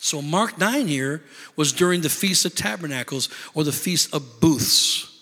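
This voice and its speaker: A man's voice: a little high, animated, unhurried, bright, forceful tone. A man preaching a sermon as pastor, calling for amens and asking the congregation to respond. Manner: preaching with call-and-response asides. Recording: long reverb of a large hall.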